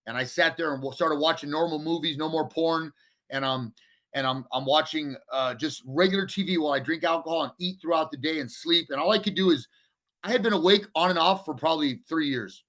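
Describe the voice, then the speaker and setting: Male podcast guest, candid storyteller, profane and unpolished, sharp and forceful tone. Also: on the high side, brisk. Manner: blunt and profane, with frequent restarts. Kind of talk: candid storytelling in a casual interview.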